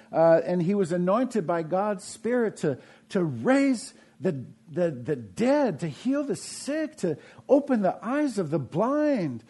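A middle-aged man preaching a conversational sermon, asking the congregation questions and swinging between raised emphasis and quiet, low asides. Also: husky. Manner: conversational preaching with frequent restarts and rhetorical questions. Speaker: pastor.

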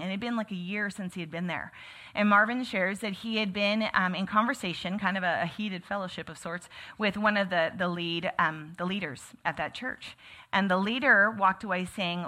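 A woman's voice: medium pitch, fairly even intonation, a little fast, sharp tone. A woman teaching a church group in a casual, sermon-like way, speaking conversationally and often saying "like" and "right?". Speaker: church teacher leading a book study.

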